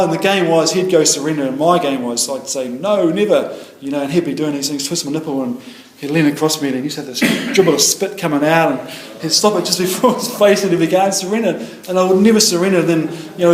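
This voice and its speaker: A middle-aged man with a New Zealand accent sharing his story at a recovery meeting, rambling with many fillers and restarts. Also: fairly high pitch. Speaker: AA meeting speaker. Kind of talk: personal recovery share. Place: meeting room. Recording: echoey meeting room.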